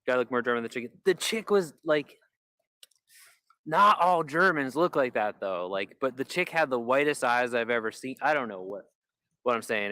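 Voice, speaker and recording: A man's voice: mid-range voice, pushed and bright, dry recording. A man live-streaming in rambling casual chat, full of "like" fillers and restarts. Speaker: livestreamer.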